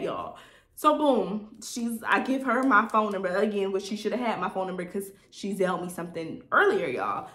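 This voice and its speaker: A young woman telling a lively story to her viewers in a casual chat, calling them y'all. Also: medium pitch, moderate pace. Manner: animated, chatty, addresses viewers as y'all. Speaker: vlogger telling a story time. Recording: echoey room.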